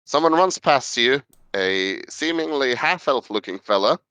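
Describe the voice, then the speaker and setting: A man's voice: medium pitch, expressive, measured pace, pushed and bright, clean tone, no echo. A man running a tabletop role-playing game as game master, narrating the scene in a chatty way with lots of fillers.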